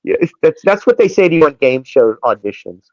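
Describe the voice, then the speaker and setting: A man's voice: fairly high pitch, a little fast, no echo, muffled recording. A male actor guest chatting in an interview, telling rambling stories and slipping into voices. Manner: rambling, animated storyteller who slips into voices. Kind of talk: casual interview chat.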